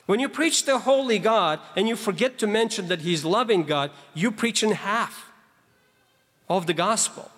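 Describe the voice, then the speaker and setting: Man, sermon, fairly high voice, emphatic scripture preaching, long hall reverb. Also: lively intonation, moderate pace, fairly bright tone. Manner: emphatic, reads and explains scripture verses; conversational asides to the congregation.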